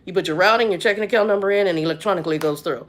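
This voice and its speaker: Her voice on the low side and her pace very fast, a vlogger in her 50s delivers a casual story. She tells it with animated chattiness and heavy use of reported speech.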